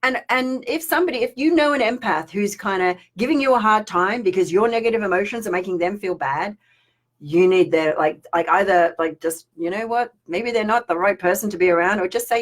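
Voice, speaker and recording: A woman's voice: mid-range voice, animated, quick pace. Chatty woman spiritual teacher. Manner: chatty and rambling, reads viewer comments aloud. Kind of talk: live-streamed teaching talk.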